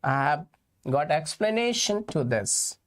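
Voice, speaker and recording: A man with an Indian English accent teaching a chemistry lecture, explaining slowly and repeating key points while calling his students kids. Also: a little high, sing-song. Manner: slow, repetitive explaining, addressing students as kids. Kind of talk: exam-prep lecture.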